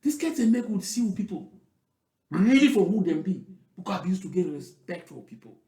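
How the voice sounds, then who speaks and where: A man's voice: sits high, big pitch swings, moderate pace, dark tone. A man with a Cameroonian Pidgin English accent giving emphatic political commentary, repeating points and firing rhetorical questions. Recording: roomy echo.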